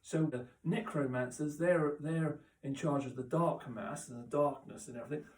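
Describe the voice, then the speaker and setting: A man rambles through a deadpan comic monologue, stumbling and circling back as he goes. His voice sits slightly high and comes from a little way off the mic, with a roomy echo around it. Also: recorded from a distance. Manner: rambling, halting, full of restarts and asides. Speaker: comic character host. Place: chilly indoor room.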